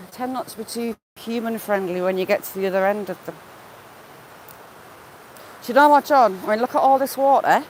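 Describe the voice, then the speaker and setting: A chatty woman with a slightly high voice, talking into a handheld phone as she walks outdoors by a wooded river. She greets her viewers by name in easy, casual chat. A faint hiss of outdoor noise sits under her voice. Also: rough recording. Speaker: vlogger. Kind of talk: casual live-stream walk chat.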